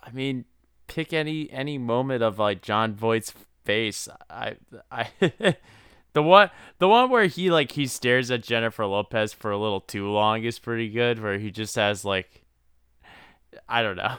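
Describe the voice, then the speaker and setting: A man's voice: medium pitch, measured pace, a bit bright, clean tone, no echo, clean studio sound. A young man co-hosting a podcast, chatting casually, laughing often and stumbling over his words. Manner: laughs often, stammering restarts. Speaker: podcast co-host. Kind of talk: casual chat.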